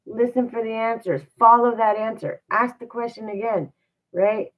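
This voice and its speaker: A motivational livestream host talks in an encouraging, repetitive way, circling back to the same rhetorical questions. The voice sits at a mid pitch. The sound is thin and phone-like. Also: steady tone, moderate pace. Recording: tinny phone-like audio.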